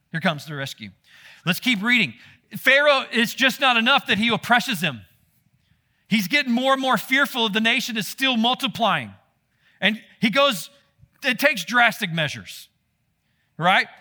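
Man preaching, high voice, very bright tone, animated and direct. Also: normal speed. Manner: animated, exclaiming, talks straight to listeners. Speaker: pastor. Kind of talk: sermon.

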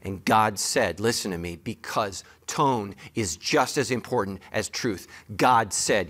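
Bright-voiced joking male preacher. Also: lowish voice, unhurried, hardly any pauses. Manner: emphatic, joking preacher who talks straight to the congregation. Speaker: pastor. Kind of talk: sermon.

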